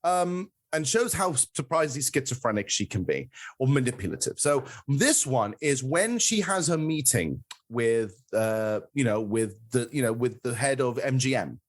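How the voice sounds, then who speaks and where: Animated man reviewing a film. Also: medium pitch, moderate pace, few pauses. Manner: animated, acts out quotes, many fillers. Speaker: podcast co-host. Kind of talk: casual film review chat.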